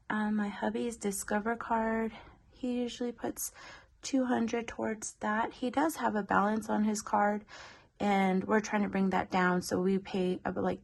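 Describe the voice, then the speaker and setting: Breathy, gravelly-voiced pregnant woman. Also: medium pitch, a little mellow. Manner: chatty, many um fillers. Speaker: budgeting vlogger. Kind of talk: casual walkthrough of a monthly budget.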